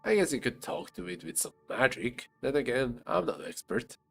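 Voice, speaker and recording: A man's voice: medium pitch, big pitch swings, moderate pace, vocal fry, breathy edge, faint music behind, pitched above the performer's own voice, heavily acted. A man voicing a chatty male companion in a fantasy game reading, with a light, wry manner.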